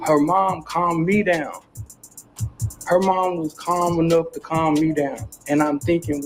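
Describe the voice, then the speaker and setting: A man's voice: a little high, flat delivery, moderate pace, soft background music, low-quality recording. A man telling a distressing personal story in a casual, agitated way, in a clip played on the stream. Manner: agitated, retelling a distressing event.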